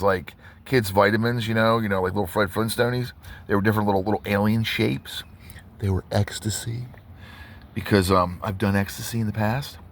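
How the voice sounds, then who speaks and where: A man's voice: on the low side, fairly bright tone. A tattoo artist telling a rambling story in a casual vlog, full of restarts and asides to his viewers.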